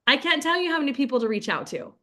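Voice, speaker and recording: A woman's voice: high-pitched, sing-song, rapid-fire, fairly bright tone. A woman leading a group video call as a network marketing trainer, chatty, with frequent "like" and "right?". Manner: chatty, acts out sample scripts in quotes.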